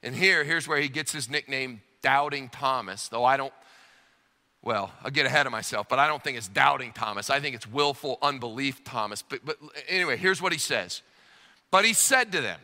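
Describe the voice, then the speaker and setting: Animated preacher man in a reverberant hall. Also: a little high, a little fast. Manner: animated, acts out quoted voices, emphatic. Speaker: pastor. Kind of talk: sermon.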